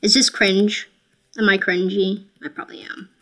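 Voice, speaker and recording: A woman's voice: medium pitch, steady tone, moderate pace, bright, forceful tone. A woman streaming a game, talking casually to viewers in a chatty, self-mocking and playfully dramatic way. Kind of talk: casual gameplay commentary.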